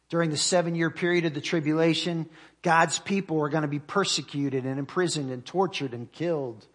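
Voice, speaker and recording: A man preaching a sermon, reading scripture aloud with rising emphasis and slowing to a quiet close at the ends of his phrases. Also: a little high, steady tone. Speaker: pastor.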